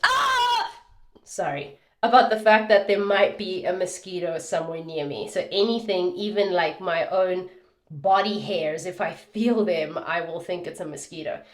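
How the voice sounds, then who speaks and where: A woman in her thirties chatting casually at home as a beauty vlogger, telling stories in an animated, laughing, dramatic way. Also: lowish voice, normal speed. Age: 30s. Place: indoors at home. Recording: roomy echo.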